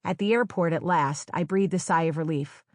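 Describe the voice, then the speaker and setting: A woman from New Jersey reads her own memoir in a wry, conversational storytelling style, slipping into playful quoted dialogue. Her voice sits somewhat low for a woman. The recording is close and dry, with no room sound. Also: moderate pace, darkish tone, dry recording. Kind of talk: audiobook memoir narration. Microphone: close studio microphone.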